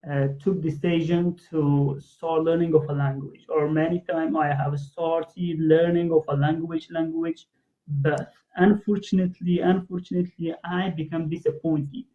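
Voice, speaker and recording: A man's voice: on the high side, level tone, normal speed. Hesitant man on a tinny line. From Afghanistan. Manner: hesitant, many fillers. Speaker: interview host. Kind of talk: interview questions.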